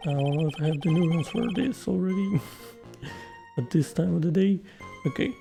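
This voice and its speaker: A man's voice: a little high, moderate pace, gravelly, mellow, soft background music. A man hosting a let's play, reading the game's dialogue and commenting in a laid-back, self-deprecating way.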